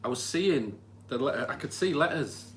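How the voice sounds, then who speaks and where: A man from Britain in casual chat, describing what he went through in a plain, halting way. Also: mid-range voice, animated. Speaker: experiment participant. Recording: faint background noise.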